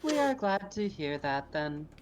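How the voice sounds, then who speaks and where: A woman's voice: mid-range voice, very animated, measured pace, noisy background, voice pushed up. A woman reading the lines of a formal, polite alien man in a video game, with stiff, careful phrasing.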